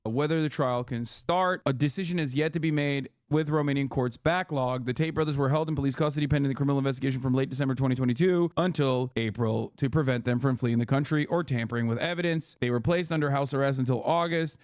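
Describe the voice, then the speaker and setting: A man co-hosting a live stream, chatting sarcastically and reading news articles aloud quickly. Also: medium pitch, a little mellow, clean tone, no echo, studio quality. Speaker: streamer co-host.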